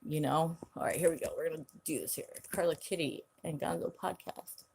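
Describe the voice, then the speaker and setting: A woman's voice: deep voice, a little fast, gravelly, a little mellow, a little hiss or hum. A woman hosting her own channel, ranting bluntly on a live stream, angry and swearing heavily. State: angry, agitated. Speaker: channel host.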